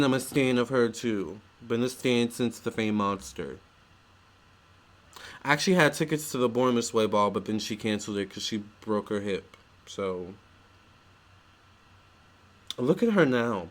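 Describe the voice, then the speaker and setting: A man's voice: mid-range voice, animated, normal speed, pauses often. A young man vlogging in a chatty, gushing way, full of fillers and restarts. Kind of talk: casual storytelling vlog.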